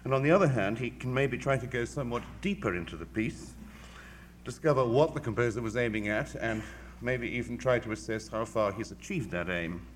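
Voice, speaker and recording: Guy, music critic, talks slow and precise with dry wit, faint hiss. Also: mid-range voice. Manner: measured, articulate, with dry wit. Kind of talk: formal lecture.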